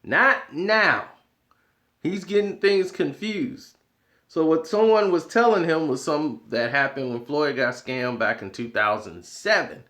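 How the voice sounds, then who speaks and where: Guy going off on a boxing rant, kinda high voice, laughs a lot. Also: measured pace. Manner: animated, argumentative, laughs often. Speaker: boxing commentary channel host. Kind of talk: opinionated casual commentary.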